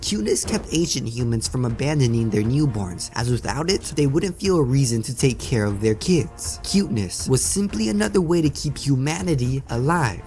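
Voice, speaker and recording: A man's voice: mid-range voice, animated, moderate pace, few pauses, darkish tone. A man giving a scripted video essay narration that is full of rhetorical questions. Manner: asks many rhetorical questions. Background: background music.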